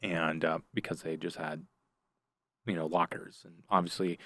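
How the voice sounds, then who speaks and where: As a guest on a podcast, a middle-aged man shares war stories in relaxed conversation, performing the voices of the people in them. His low-pitched voice moves at a normal pace with no echo, and his animated delivery is full of fillers and restarts.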